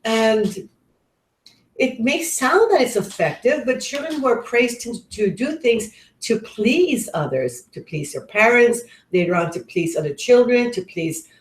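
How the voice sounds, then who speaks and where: A woman's voice: fairly high pitch, animated, unhurried. A middle-aged woman giving a parenting webinar, talking earnestly and conversationally with frequent restarts. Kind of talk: webinar talk with personal stories. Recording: roomy echo.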